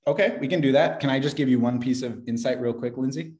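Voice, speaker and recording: A man's voice: medium pitch, fast, darkish tone. A man making a cold sales call, upbeat and chummy in manner. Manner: upbeat, chummy, says bro a lot. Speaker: sales caller. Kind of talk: cold-calling sales pitch.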